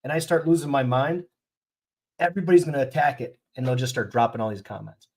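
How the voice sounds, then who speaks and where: A man's voice: mid-range voice, quick pace, a little mellow. Brief: man in a mid-range voice, blunt and fired up, casual live-stream host who rants.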